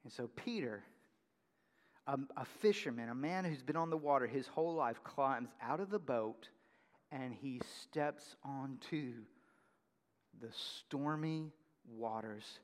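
A man preaching a sermon as pastor, animated, swinging between loud emphasis and hushed near-whispers. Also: mid-range voice, takes it slowly, long reverb tail.

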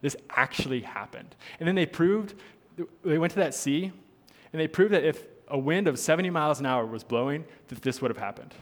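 A man's voice: fairly high pitch, animated, brisk. A man preaching a sermon as pastor, earnest, repeating his points for emphasis. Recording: long hall reverb.

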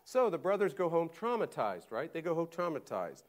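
A male pastor preaching conversationally, acting out Bible voices with lively emphasis. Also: a little high, moderate pace. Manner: animated, conversational, acts out quotes. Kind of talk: sermon.

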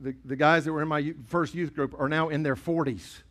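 Storytelling pastor, higher voice. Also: male voice, fairly even intonation, brisk, fairly bright tone. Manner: storytelling, conversational preaching with acted dialogue. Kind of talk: sermon.

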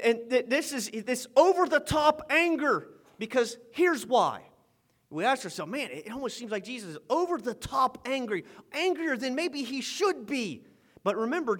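A male preacher with a very high voice delivers a sermon with intensity. He drives points home with repetition, rises into loud emphasis, then drops to low, confiding asides. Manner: fervent, swings from loud emphasis to quiet asides, repeats phrases.

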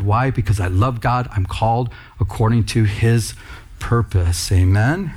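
A man's voice: lowish voice, a little slow, darkish tone. A man preaching a sermon in church, talking conversationally and with emphasis, calling out to the congregation. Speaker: pastor.

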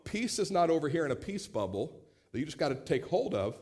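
A man in his late thirties preaching a sermon as pastor, animated, acting out quoted voices and repeating words as he starts phrases. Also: fairly high pitch, brisk. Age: 30s.

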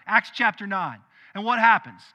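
A male pastor preaching a sermon in an animated, conversational way, with quick asides. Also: sits high, long reverb tail, lo-fi sound.

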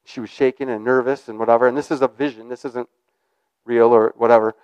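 A man's voice: medium pitch, steady tone, fast, darkish tone, smooth, no room sound, lo-fi sound. A man giving an informal sermon in a conversational, rambling way. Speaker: preacher.

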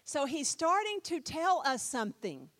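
A woman's voice: high voice, very animated, measured pace, fairly bright tone. A woman preaching a sermon in a playful way, repeating phrases for emphasis. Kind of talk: sermon teaching.

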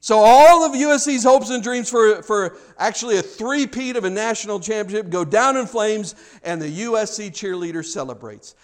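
A pastor preaching a conversational sermon, often repeating words as he goes and swinging from hushed, low passages to loud, excited ones. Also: moderate pace, few pauses.

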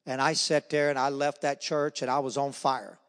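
A man's voice: medium pitch, moderate pace, clean tone. Man telling his testimony in a reverberant hall. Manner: animated storytelling, acts out the voices in his stories. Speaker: speaker sharing his testimony. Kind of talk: spoken faith testimony. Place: church hall or meeting room.

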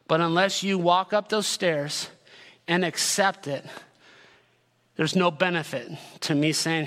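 A man in his forties, a pastor preaching a sermon with energetic, emphatic delivery that builds into shouted lists. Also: fairly high pitch, moderate pace, big-room sound.

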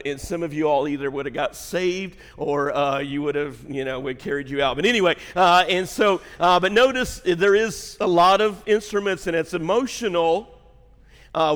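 A man preaching a sermon in a church, folksy and joking with the congregation, emphatic and slow when reading scripture. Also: high-pitched, a bit bright. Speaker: pastor. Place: church sanctuary. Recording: long hall reverb.

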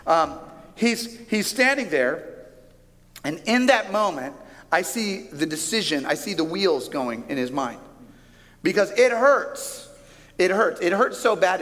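A man preaching a sermon as pastor, speaking with animated, emphatic delivery and drawing out key phrases. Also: a little high, normal speed. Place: large church auditorium with a stage. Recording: long hall reverb from a large auditorium.

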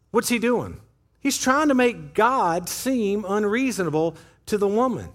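A man preaching a sermon as pastor in a church, conversational and animated, acting out little quotes as he goes. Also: high-pitched, moderate pace. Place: church sanctuary.

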